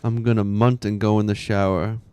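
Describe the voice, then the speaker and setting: A man's voice: fairly low pitch, flat delivery, fairly quick, dark tone, clean tone. A man in his thirties chatting casually while streaming a game, rambling, laughing often and muttering to himself.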